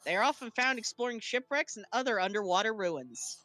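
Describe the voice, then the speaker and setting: A woman narrating as game master of a tabletop game, with a halting delivery full of restarts. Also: a little high, lively intonation, sharp tone.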